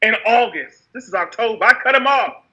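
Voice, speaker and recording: A woman's voice: a little high, expressive, brisk, pushed and bright, rough recording. A woman from the United States giving a raw, impassioned personal testimony, repeating phrases for emphasis. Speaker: speaker sharing her story.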